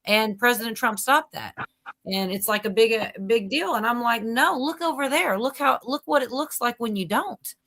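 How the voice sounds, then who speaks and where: A woman's voice: fairly high pitch, moderate pace, a bit bright, no echo. A woman hosting a casual livestream chat, playful and laughing often. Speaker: livestream host.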